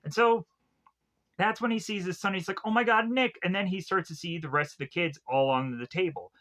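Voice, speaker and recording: A man casually retelling a film's plot as a reviewer, rambling with lots of fillers and restarts. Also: brisk. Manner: mock-acts characters' lines with lively pitch jumps. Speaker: movie reviewer.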